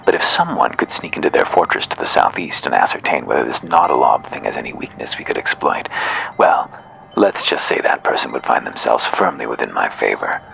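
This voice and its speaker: Man plays flustered fussy mayor, prim politeness, lively pitch swings. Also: brisk, creaky, heavily acted. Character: flustered fussy woman village mayor, nervous.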